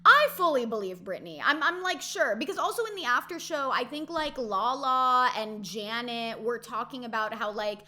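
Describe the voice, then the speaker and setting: A woman's voice: fairly high pitch, lively intonation, normal speed, few pauses, sharp tone. A young woman hosting a casual reality TV recap, chatty and opinionated, peppering her talk with "like". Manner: chatty, opinionated, heavy use of "like".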